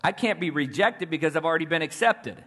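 Fervent, bright-voiced male preacher. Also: on the high side, expressive, fast talker. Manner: fervent, call-and-response preaching. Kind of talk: sermon.

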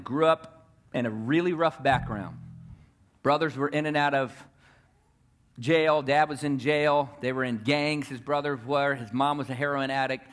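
A man preaching a sermon, telling a story and building to loud, repeated declarations. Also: mid-range voice, normal speed. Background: guitar music.

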